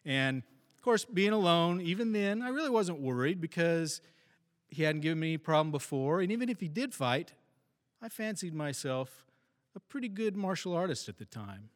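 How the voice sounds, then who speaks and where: A former police officer telling a wry, self-deprecating story about a fight on the job. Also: male voice, on the high side, expressive, normal speed, long reverb tail. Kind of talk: first-person storytelling.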